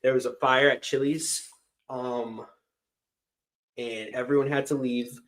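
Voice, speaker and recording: A man's voice: mid-range voice, steady tone, measured pace, fairly bright tone, poor audio. A man joining a casual livestream, telling an anecdote in a wry, offhand and guarded way.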